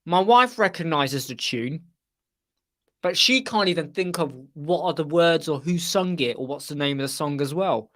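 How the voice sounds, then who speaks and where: A man's voice: a little high, animated, normal speed, a bit bright. A man hosting a live web chat, rambling casually and mimicking other people's voices as he tells anecdotes.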